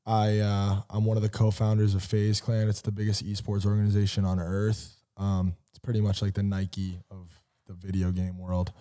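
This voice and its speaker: Deep, mellow-voiced laid-back man. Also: monotone, normal speed, hardly any pauses. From Boston area, USA. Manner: laid-back, slangy, rambling. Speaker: podcast guest. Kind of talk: casual podcast chat.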